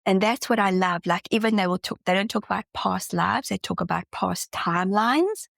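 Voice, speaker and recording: A woman's voice: medium pitch, moderate pace, creaky, a bit bright, dry recording, studio quality. A woman guest in a casual interview, talking earnestly and enthusiastically, often restarting her sentences. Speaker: podcast guest, spiritual channeler.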